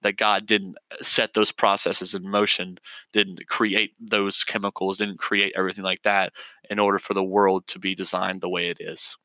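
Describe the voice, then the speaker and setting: Earnest young man, bright dry voice. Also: deep voice, little pitch movement, normal speed, no room sound. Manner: earnest, argumentative, with frequent restarts and stumbles. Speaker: podcast host. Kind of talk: scripted solo podcast monologue.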